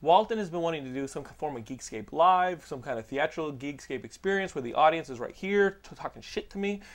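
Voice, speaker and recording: A man's voice: a little high, expressive, brisk. A man hosting a casual podcast chat, joking and rambling with lots of restarts. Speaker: podcast host.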